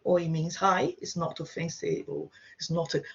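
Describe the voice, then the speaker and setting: In a dull, lo-fi online class, a Portuguese teacher walks beginners through the material in a chatty way, regularly checking in with "okay?" Her voice is lowish, a little gravelly and husky, with a steady tone and normal speed.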